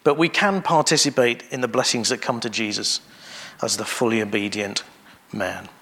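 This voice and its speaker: A man preaching to his congregation with a gravelly, creaky edge to his voice. He speaks in a measured way, pausing often and going back over his phrases. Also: fairly low pitch, a bit bright. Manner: measured, with pauses and restarts. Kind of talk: sermon.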